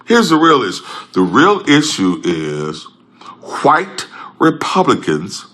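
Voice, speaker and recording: A man speaking in an impassioned public address, emphatic and repetitive, swinging between loud outbursts and low tones. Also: huge pitch swings, takes it slowly.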